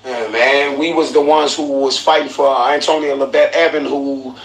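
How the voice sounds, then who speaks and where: A man hosting a podcast, telling a story in an animated, profane way and acting out the people he quotes. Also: medium pitch, normal speed. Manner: excitable, profane, acts out quotes. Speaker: podcast host. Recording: roomy echoey room, faint noise.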